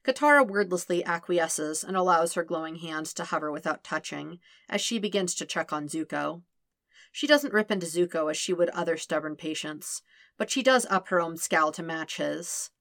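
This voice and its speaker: A woman with a low voice reads fan fiction aloud in an even, measured way. She slows and softens on tender moments. The recording is dry and close, with no room sound. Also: no room sound. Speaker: podfic reader. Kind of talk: scripted narration of fan fiction.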